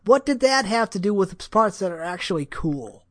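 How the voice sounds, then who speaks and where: A man's voice: high-pitched, sing-song, brisk, no echo, clean studio sound. A man in a casual group chat, blunt and opinionated, talking animatedly.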